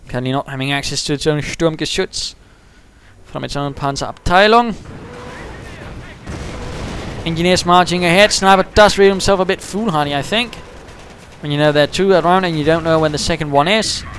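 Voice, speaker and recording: A man delivers chatty play-by-play for a strategy game match, his excitement rising at the big moments. His voice sits a little high and moves fast, and there's a slight hiss or hum in the recording.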